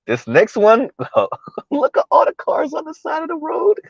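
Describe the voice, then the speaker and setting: Pitch swinging widely around a mid-range voice, a South Florida commentary vlogger talks a little fast as he drives through floodwater, chatting casually with viewers, repeating himself and laughing a lot. It's a dry recording with the highs cut off.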